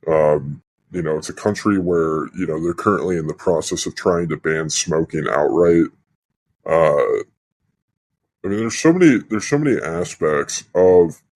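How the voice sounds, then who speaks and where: A man's voice: deep voice, darkish tone. A man co-hosting a podcast in casual chat, opinionated and full of filler phrases. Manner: opinionated, lots of "you know" fillers. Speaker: podcast co-host.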